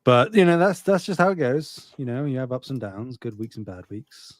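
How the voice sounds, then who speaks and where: A man co-hosting a casual podcast, halting with fillers and dry, sarcastic jokes. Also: mid-range voice, sing-song, a little hiss or hum. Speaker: podcast co-host.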